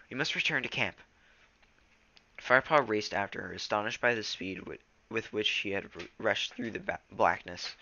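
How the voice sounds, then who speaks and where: A teenage boy reads a novel aloud, then drifts into loose, rambling chat full of fillers, tripping over words and starting them again. His fairly low voice is bright and forceful, captured on a lo-fi recording.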